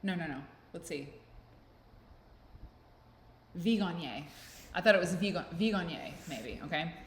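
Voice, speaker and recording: Low-pitched female vlogger, rambling and self-mocking, recorded in a reverberant room. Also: quick pace. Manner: rambling, self-deprecating, playful. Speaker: vlog host. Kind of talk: casual chat to camera. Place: indoors at home with a fan blowing. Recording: echoey room with faint noise.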